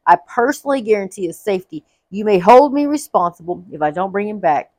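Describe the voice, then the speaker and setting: A woman's voice: medium pitch, animated, quick pace, darkish tone, no room sound, close to an everyday voice. A woman voicing an earnest grown son who pledges to take responsibility, firm and insistent, as she reads a Bible story aloud.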